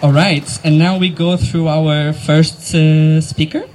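A man working as MC at an outdoor gathering, speaking emotionally and haltingly, with frequent fillers and small laughs. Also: on the high side, little pitch movement, darkish tone, slight background noise, rough recording. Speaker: event MC. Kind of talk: live outdoor event hosting. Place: outdoor event crowd gathering.

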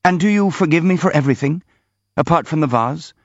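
A man voicing a gentle young prince who is overwhelmed and tender, speaking earnestly in a raised voice. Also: expressive, fairly quick, dry recording. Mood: pleading. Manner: earnest, pleading, higher voice. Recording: slightly dull dry recording.

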